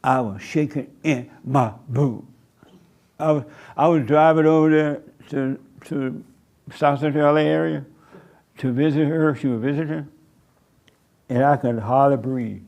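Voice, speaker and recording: An older man preaching in a plain, slow, storytelling way, acting out what people say. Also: fairly high pitch, fairly even intonation, creaky, darkish tone. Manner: slow, plain-spoken, storytelling with acted-out quotes. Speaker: pastor. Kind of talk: sermon answering questions. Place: church meeting room.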